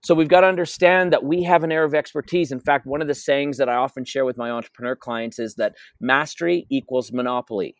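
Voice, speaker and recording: A man's voice: medium pitch, steady tone, fast talker, hardly any pauses, dry recording. A man being interviewed as a wealth coach, telling stories with emphasis and repeating his key phrases. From North America. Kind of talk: energetic interview talk.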